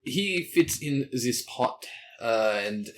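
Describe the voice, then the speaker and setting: A man's voice: mid-range voice, animated, takes it slowly, fairly bright tone. Casual male player at the table. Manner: casual, describes his character's actions. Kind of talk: casual game chat.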